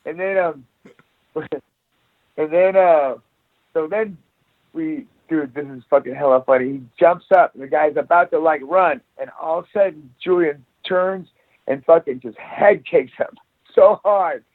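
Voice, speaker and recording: A jiu-jitsu academy owner guests on a podcast, telling wild stories in casual chat, swearing nonstop and acting out every scene. His voice is fairly high and moderately paced, and the recording is dry and tinny, like a phone line.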